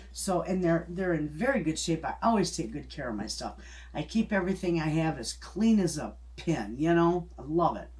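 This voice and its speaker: Folksy middle-aged woman telling a story. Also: sits low. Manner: folksy, rambling, with restarts and chuckles. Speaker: homesteading channel host. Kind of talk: casual storytelling chat.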